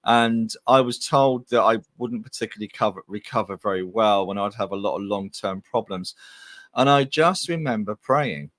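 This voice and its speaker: A man's voice: lowish voice, normal speed, fairly bright tone, dry recording. A man from England, a guest medium, telling his life story in a chatty, rambling way on a video call podcast. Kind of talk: casual podcast interview.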